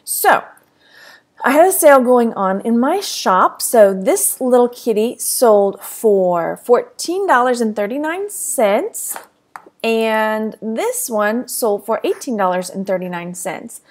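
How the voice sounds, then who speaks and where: A woman's voice: on the high side, animated, slow pace. A woman with a Texan accent chatting casually to camera as a reselling vlogger, rambling and laughing often, a little tired. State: tired, yawning.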